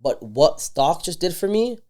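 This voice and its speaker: A man's voice: a little high, measured pace. A man guesting on a podcast, telling his story in casual chat and acting out the dialogue. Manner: animated storyteller who acts out dialogue. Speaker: entrepreneur guest.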